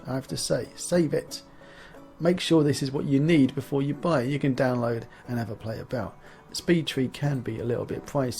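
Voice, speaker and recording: Male reviewer, casual and jokey, a touch high-pitched. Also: darkish tone, slightly rough. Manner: chatty and playful, jokingly greets the models as little fellas. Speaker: game developer and asset reviewer. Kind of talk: casual software review over screen capture.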